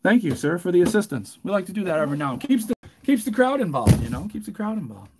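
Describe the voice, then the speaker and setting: A man hosting a live card break, chatting casually and joking, getting loud and excited. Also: high voice, fast talker, husky. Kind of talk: live stream break commentary.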